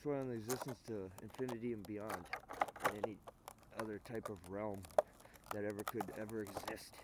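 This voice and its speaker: Rambling male vlogger, lowish voice, repeats himself and swears oaths, noisy outdoor recording. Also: steady tone, fairly quick. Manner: repetitive, swears oaths, restarts often. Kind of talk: rambling storytelling. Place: outdoors in snow.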